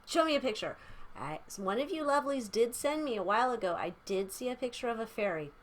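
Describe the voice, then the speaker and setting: A woman's voice: on the high side, animated, quick pace. A woman giving a casual tarot reading, rambling and chatty, irreverent, with casual swearing. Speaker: tarot reader.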